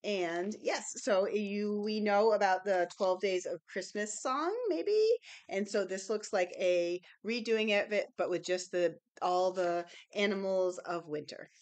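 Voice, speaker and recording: A woman's voice: mid-range voice, unhurried, darkish tone. A woman librarian chatting casually and enthusiastically as she unboxes new children's books, with many ums and little gasps.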